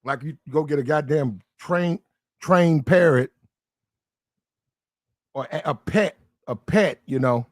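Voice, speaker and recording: A man's voice: a little high, takes it slowly, pauses often, dry recording, clean studio sound. A man hosting a live stream, chatting loosely and rambling, often repeating himself. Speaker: streamer and host. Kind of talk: casual live-stream commentary.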